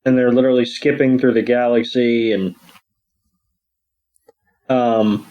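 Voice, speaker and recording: A man with a mid-range voice walks through the plot at an unhurried pace. His telling is loose and meandering, with frequent ums and restarts. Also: medium pitch, steady tone, lo-fi sound. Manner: rambling, many ums and restarts. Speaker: podcast co-host. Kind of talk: casual episode recap.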